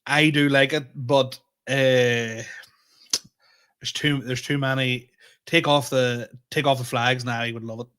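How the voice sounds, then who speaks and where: A man co-hosting a casual podcast, with a voice of ordinary middle pitch. He chips in with brief laughs and dry one-liners. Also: fairly even intonation, measured pace, fairly bright tone, clean tone. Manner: short laughing reactions, dry quips. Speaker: podcast co-host.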